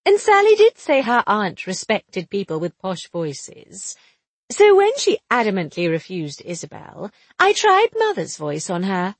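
A woman voicing a lively, teasing young sleuth. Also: medium pitch, a little slow, dry recording, full character voice. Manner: bright, chatty, teasing. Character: quick-witted, cheerful young woman amateur sleuth. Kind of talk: audiobook dialogue reading.

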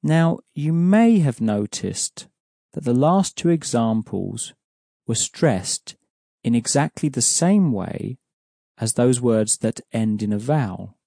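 A man teaching a language lesson, explaining pronunciation patiently and clearly. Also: medium pitch, lively intonation, takes it slowly, mellow, dry recording, studio quality. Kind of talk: explaining an audio course lesson.

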